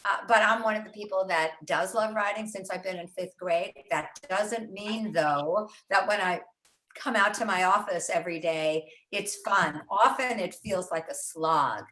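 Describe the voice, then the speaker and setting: A woman's voice: mid-range voice, moderate pace, fairly bright tone. An older woman author talking casually and animatedly about her writing, with many fillers and restarts, recorded in her home studio. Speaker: author and host. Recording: roomy echo.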